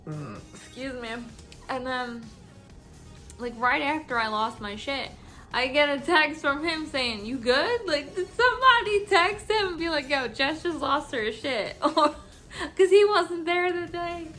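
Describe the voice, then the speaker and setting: Tipsy young woman vlogger, higher voice, rants and laughs through a work story to camera. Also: animated, measured pace, fairly bright tone, soft background music. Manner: laughing often, swearing, acting out coworkers' lines. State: tipsy from drinking.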